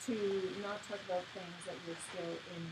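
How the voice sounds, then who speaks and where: Brief: female coaching client, quiet and attentive, lowish voice, clear background noise. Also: fairly even intonation, brisk. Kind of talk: coaching session.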